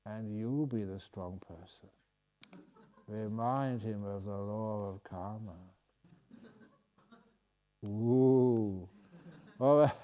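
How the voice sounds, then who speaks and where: A man's voice: medium pitch, warm tone, clean tone. A man, a Buddhist monk and meditation teacher, reading out questions at a retreat and answering them with humor. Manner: humorous, playful, reads questions aloud then answers.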